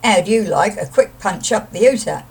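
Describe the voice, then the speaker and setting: A woman's voice: medium pitch, expressive, moderate pace, husky. A woman voicing a scrappy, cheeky male rat in a storybook poem, talking in a blunt, combative way, recorded from a distant mic. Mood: belligerent.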